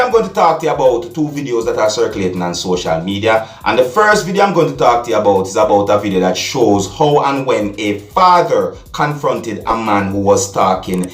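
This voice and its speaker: A man hosts a news commentary vlog in a lower register, and his voice rises and falls in wide, lively swings. He stresses and stretches his key words and keeps repeating his catchphrases. He sits back from the mic in an echoey room. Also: distant mic, soft background music. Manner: drawn-out emphatic phrasing with catchphrases. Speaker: vlog host.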